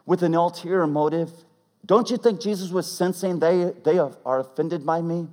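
A man preaching a sermon as pastor, swinging from loud emphatic peaks to hushed, almost whispered lines. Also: a little high, normal speed. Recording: long reverb of a large hall.

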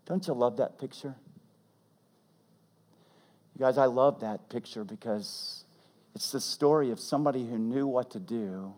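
A man preaching a sermon as pastor, swinging from loud emphatic peaks to hushed, almost whispered lines. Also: mid-range voice, a little slow, long pauses. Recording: long reverb of a large hall.

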